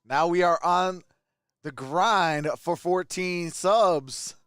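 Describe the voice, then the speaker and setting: A man hosting a casual live stream with a hoarse, worn-out voice, who greets viewers one by one and laughs often. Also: high voice, takes it slowly, a bit bright, dry recording, clean studio sound. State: hoarse, voice nearly gone. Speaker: livestream host.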